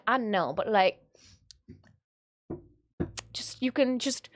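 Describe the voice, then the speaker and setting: A woman's voice: medium pitch, measured pace, pauses often. A woman from Michigan chatting casually on a live stream, reading viewer comments in a rambling, giggly way. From Michigan, USA.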